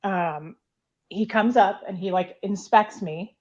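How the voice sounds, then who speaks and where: A woman's voice: medium pitch, takes it slowly, a little mellow, slight background noise. Blunt, swearing woman on a lo-fi call. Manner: blunt, swears freely, many "like" fillers. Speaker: guest recounting her past. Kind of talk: candid conversational storytelling.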